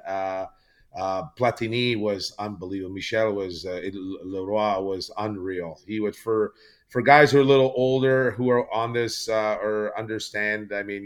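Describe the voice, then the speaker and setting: A man with a lowish voice tells a long story as a podcast guest, trailing through fillers and restarts as he goes. He is from Canada and talks casually. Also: smooth. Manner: rambling storytelling with many fillers.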